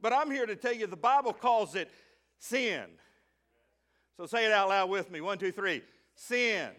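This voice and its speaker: A middle-aged male pastor preaching a sermon to his church, swinging between loud emphasis and quiet asides, slowing down to read scripture. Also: sits high, expressive. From Arkansas, USA. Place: church sanctuary.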